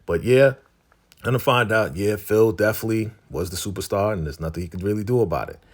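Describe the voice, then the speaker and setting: Male recap host, low deep voice, laid-back and slangy, loose conversational delivery. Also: fast. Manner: laid-back, chatty, slangy retelling with many fillers. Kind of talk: casual episode recap.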